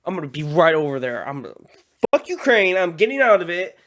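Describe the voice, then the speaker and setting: A man putting on a giddy, excited impression of a grown male world leader, shouting eagerly. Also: fairly high pitch, brisk, a little hiss or hum, voice pushed up.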